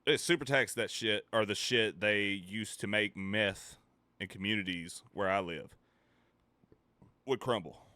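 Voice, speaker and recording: Ranting man streamer with a bright, dry sound. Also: lowish voice, measured pace, dry recording. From United States. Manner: animated, swearing, laughing asides. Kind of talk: casual ranting chat.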